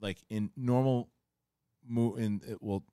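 A male host in casual film review chat, rambling with restarts and animated bursts. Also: medium pitch, a little slow, smooth, dry recording, studio quality. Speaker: podcast host.

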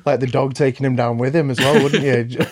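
A man's voice: mid-range voice, fairly even intonation, a little fast. A man in his thirties in a casual podcast chat, teasing the others, swearing freely and restarting his sentences. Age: 30s. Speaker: podcast co-host.

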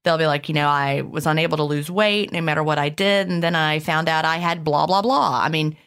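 A woman's voice: sits low, fairly even intonation, a little fast, fairly bright tone, clean tone. A woman co-hosting a podcast, chatting casually and reading listener questions aloud. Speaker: podcast co-host.

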